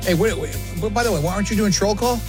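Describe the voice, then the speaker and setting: Give me a man hosting a radio show, a bit high-pitched, chatty and joking, with faint music behind. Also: rapid-fire. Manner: joking, chatty, talks with mouth full. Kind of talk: casual studio banter.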